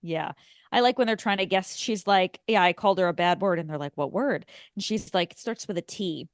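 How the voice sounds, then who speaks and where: A woman's voice: lowish voice, fairly quick, no room sound, studio quality. A woman co-hosting a film podcast, chatting casually and laughing often as she retells scenes. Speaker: podcast co-host. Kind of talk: casual chat.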